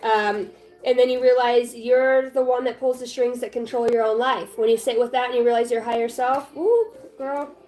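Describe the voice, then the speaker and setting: A woman's voice: a little high, little pitch movement, normal speed, darkish tone. A woman giving a casual, blunt, encouraging tarot reading at home, swearing freely. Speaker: tarot reader. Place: home with her small child nearby.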